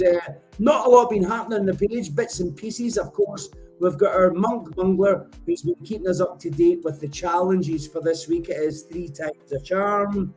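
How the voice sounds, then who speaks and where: A Scottish man hosts a live show through a headset mic. His voice is mellow and soft, a touch higher than most men's. He talks in a chatty, joking way and rambles as he corrects himself. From Scotland. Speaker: host. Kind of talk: live show hosting, casual chat.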